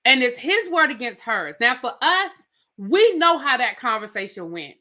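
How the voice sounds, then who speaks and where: A bright, high-pitched woman with cadence runs through a reality TV episode. Her voice swoops up and down as she acts out the cast's lines and throws in slangy asides, all in an easy, chatty recap. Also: normal speed. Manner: animated storyteller acting out quotes, slangy asides. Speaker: reality TV reviewer. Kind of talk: casual recap commentary.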